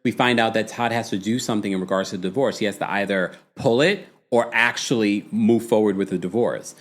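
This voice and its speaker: A man hosting a casual reality-TV recap livestream, talking in an animated, sassy, gossipy way. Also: fairly low pitch, fairly quick. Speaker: host.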